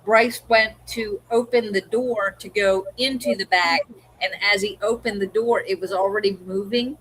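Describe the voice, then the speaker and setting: A woman's voice: mid-range voice, fairly even intonation, moderate pace, fairly bright tone, slightly rough, low-quality recording. A middle-aged woman co-hosting a livestream, chatting casually and acting out what her family said. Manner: chatty storyteller, acts out family quotes. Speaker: co-host of a livestream. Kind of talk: casual chat.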